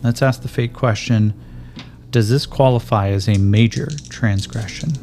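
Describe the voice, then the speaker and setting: A man's voice: on the low side, fairly even intonation, measured pace. A man running a tabletop game as game master, thinking aloud as he checks the rules and narrates the scene. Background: faint background music.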